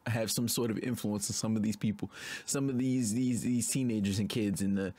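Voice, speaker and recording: A young man reacting to music videos, loud and often yelling and laughing, with a husky voice. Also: on the low side, fairly even intonation, a little fast. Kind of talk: casual reaction commentary.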